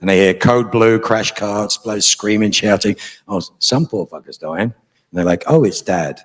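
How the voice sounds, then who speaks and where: A man's voice: fairly low pitch, normal speed. A middle-aged man, a guest on a convention panel, telling a story to a live audience in a frank, profane, dryly humorous way.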